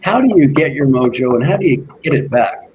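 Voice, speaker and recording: A man working as an executive coach, giving an earnest motivational talk and slowly repeating his key questions. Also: medium pitch, expressive, darkish tone, a little hiss or hum, poor audio.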